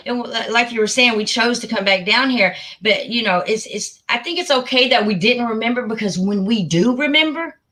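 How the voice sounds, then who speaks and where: A woman's voice: a little high, moderate pace, hardly any pauses, a bit bright. A middle-aged woman hosting a casual livestream chat, emphatic and repetitive, often talking over her guest. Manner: emphatic, repeats words, talks over guest. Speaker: livestream host.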